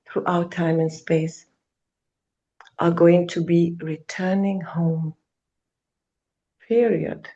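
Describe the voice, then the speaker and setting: A woman's voice: on the low side, gravelly, mellow, dull audio. A woman speaking as a gives an impassioned spiritual talk, emphatic, calling her listener darling and now and then swearing.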